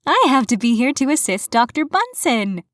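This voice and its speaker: A woman's voice: high-pitched, sing-song, moderate pace, a bit bright, dry recording, clean studio sound, voice pushed up. A woman voicing a chatty, giggly young woman in her twenties in an audiobook. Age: 20s. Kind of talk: audiobook character voice.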